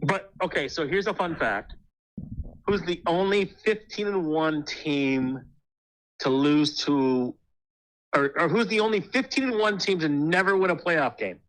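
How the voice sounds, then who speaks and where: A man's voice: a little high, measured pace, fairly bright tone, poor audio. A man calling into a friend's stream, trading teasing, boastful banter about football. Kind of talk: casual chat.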